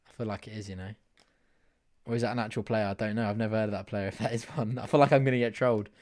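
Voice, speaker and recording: This man runs a live football watch-along, chatting casually about the match at a racing pace. His pitch is fairly low, and he often turns to address viewers, excitable and quick to laugh.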